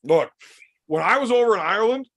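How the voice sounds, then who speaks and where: A man's voice: high-pitched, animated, a little fast, fairly bright tone. A Canadian man who arm wrestles, telling long profane stories on a casual podcast. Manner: profane, boisterous, rambling anecdotes.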